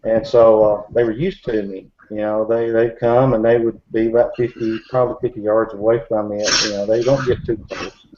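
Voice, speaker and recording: A man's voice: fairly low pitch, flat delivery, normal speed, few pauses, warm tone. A man telling a story in casual talk, rambling with many fillers and restarts. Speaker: bigfoot researcher. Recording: dull recording with faint hiss.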